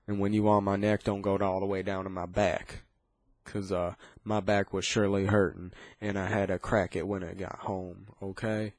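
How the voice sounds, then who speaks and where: Profane rambling man with a low voice. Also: darkish tone, no room sound. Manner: swears constantly, rambling with restarts. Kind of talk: casual profane rant.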